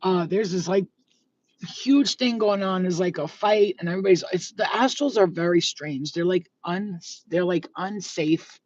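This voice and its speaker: This woman speaks at normal speed in a fairly low, darkish voice, recorded on distant, dull lo-fi phone audio from her car. A spiritual vlogger, she chats through a live-stream story with plenty of fillers and swearing.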